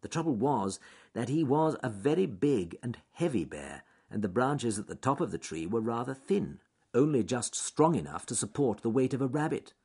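A man reading a children's story aloud, with expressive narration and wry asides. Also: medium pitch, moderate pace, husky.

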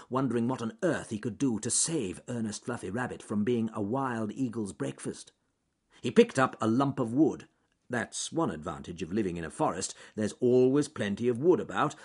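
A man reading a children's story aloud, with expressive narration and wry asides. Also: medium pitch, moderate pace, breathy edge.

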